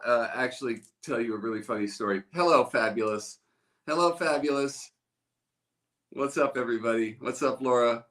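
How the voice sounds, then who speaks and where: A man's voice: mid-range voice, fairly bright tone. A man hosting a live stream from a room at home, chatting in a rambling way and greeting viewers by name. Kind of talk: casual live-stream chat.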